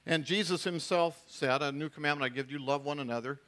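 A man's voice: a little high, a little fast, fairly bright tone. A middle-aged man, a pastor, preaching a sermon in a conversational way, with frequent restarts and asides to the congregation.

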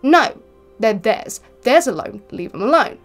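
A woman's voice: fairly high pitch, sing-song, a little slow, faint music behind. Sarcastic woman ranting at a clip. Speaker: vegan video creator reacting to clips. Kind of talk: reaction video commentary.

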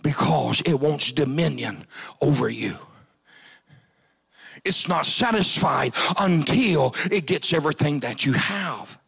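Male pastor, gravelly husky voice, fiery revival preaching, casting for a church pulpit. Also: animated, takes it slowly. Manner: shouting preacher, rising to high-pitched cries. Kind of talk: revival sermon. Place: church sanctuary.

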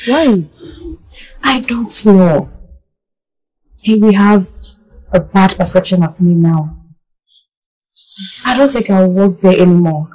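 A woman's voice: medium pitch, slow pace, pauses often, dark tone, low-quality recording. An actress with a Nigerian accent playing a young woman who is hesitant and apologetic after lying to her boss. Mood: anxious. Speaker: office employee. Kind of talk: film drama acting.

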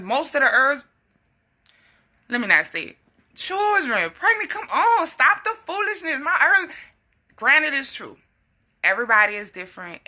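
Young black woman ranting to her viewers, bright sharp voice kinda high, slangy, laughs a lot. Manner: blunt, animated, laughs often, slangy. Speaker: herbal health vlogger. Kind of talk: casual straight-talking live chat.

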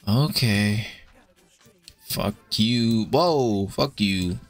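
A young man streaming and chatting with his viewers in a blunt, profane way, giving quick verdicts with plenty of casual swearing. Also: lowish voice, faint music behind. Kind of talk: casual live-stream commentary.

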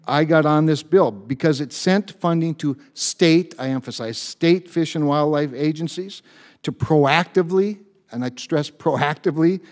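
Emphatic senator in a reverberant hearing room. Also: male voice, fairly high pitch, a little mellow. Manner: emphatic, stresses and repeats key words; frequent restarts and word repeats. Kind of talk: committee hearing statement.

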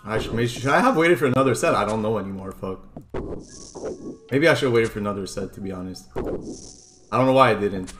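A young man streaming a game live, excitable and swearing, swinging from loud cheers to annoyed muttering. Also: lowish voice, fairly quick, long pauses, background noise. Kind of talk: live gameplay commentary.

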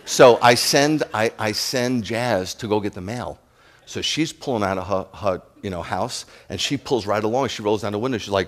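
Animated New rabbi preaching. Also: male voice, lowish voice, moderate pace. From New York. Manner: animated, joking, addresses the congregation directly. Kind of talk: sermon.

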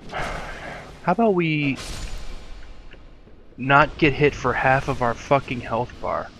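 A man's voice: mid-range voice, slow pace, fairly bright tone, a little hiss or hum. A young adult man giving frustrated gameplay commentary from his room at home, cursing and muttering in exasperation at the game. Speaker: let's play commentator.

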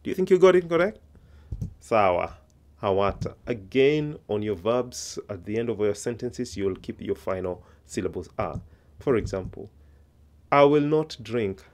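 A man's voice: lowish voice, expressive, normal speed, darkish tone. A man teaching a recorded language lesson, patiently repeating each example and quizzing the viewer.

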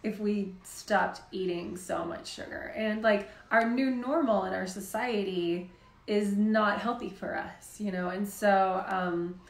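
A woman's voice: medium pitch, fairly even intonation, slow, roomy sound. A woman hosting a live health Q&A, talking in a casual, chatty way with lots of "like". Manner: chatty, says "like" often. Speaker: health show host.

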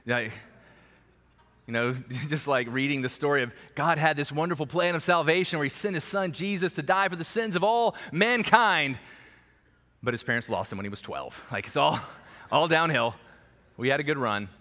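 Male pastor, fairly high voice, chatty storytelling sermon, long hall reverb. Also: moderate pace. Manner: conversational, animated storytelling with dramatic soft drops.

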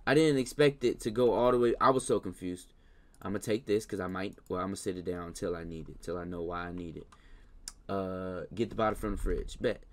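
A man giving casual let's-play commentary on a game, talking to the characters, slangy, with loud scolding bursts. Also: deep voice, a little fast. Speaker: gaming YouTuber.

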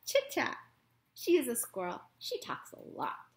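A woman voicing a gentle, patient robot mother who speaks calmly and earnestly in a storybook reading. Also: fairly high pitch, measured pace, pitched above the performer's own voice, full character voice. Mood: reassuring.

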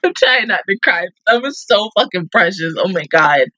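A woman hosting an anime reaction video, gushing excitedly and swearing freely in casual commentary. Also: medium pitch, normal speed, dry recording, dull audio.

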